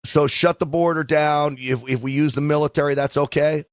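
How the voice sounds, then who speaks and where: A man's voice: on the high side, fairly even intonation, normal speed, no echo. Male radio host, studio mic, dry sound, teasing callers. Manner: teasing, jokey, laughs often. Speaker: radio talk show host. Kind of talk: talk radio chat. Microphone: studio microphone.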